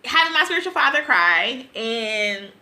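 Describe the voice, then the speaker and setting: A woman's voice: a little high, very animated, normal speed, bright, forceful tone. A woman vlogger telling a personal story, tearful and rambling, laughing through her tears.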